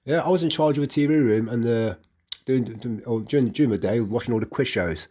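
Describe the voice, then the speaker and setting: Middle-aged West Midlands man, husky voice, rambling personal account with stammered restarts. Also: medium pitch, fairly quick, dark tone. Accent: West Midlands English. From England. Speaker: vlogger.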